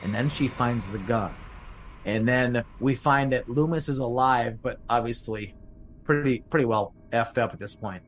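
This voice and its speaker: A man's voice: mid-range voice, moderate pace, slight background noise, rough recording. A man hosting a podcast, casually recapping a horror film with lots of fillers and acted-out quotes. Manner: rambling, many fillers, acts out quotes. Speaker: podcast host.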